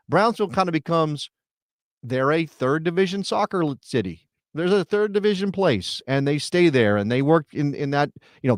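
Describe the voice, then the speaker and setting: A middle-aged man co-hosting a soccer talk show, chatting casually and thinking out loud with rhetorical questions. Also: fairly high pitch, no echo, studio quality. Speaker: soccer podcast co-host. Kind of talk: casual chat.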